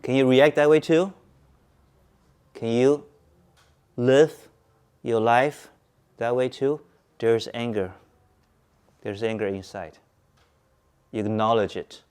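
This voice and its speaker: Man, Dharma talk, calm, repetitive, rhetorical questions, mid pitch. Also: slow pace, long pauses, smooth. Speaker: Buddhist teacher. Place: Zen meditation centre.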